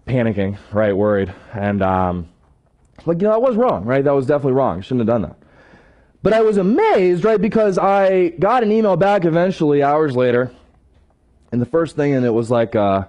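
A man with a fairly high voice tells a self-deprecating story in a sermon. He is animated and keeps checking in with his listeners through short tag questions. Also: a little fast. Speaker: church staff member sharing a testimony.

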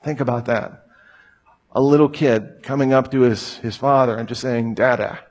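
Man in his thirties, preacher, conversational sermon, storytelling with humor, mid-pitched voice. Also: fairly even intonation, moderate pace.

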